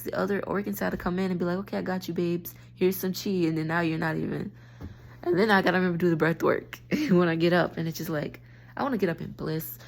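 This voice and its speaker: Woman vlogger, low gravelly voice, tired, frustrated, rambling phone rant. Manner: frustrated, stream-of-consciousness, restarts thoughts. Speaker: spiritual vlogger.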